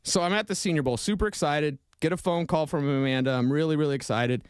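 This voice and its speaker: A man co-hosting a sports radio show in a studio, talking fast, emotional and opinionated in casual banter. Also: on the high side, clean tone, dry recording. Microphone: studio microphone.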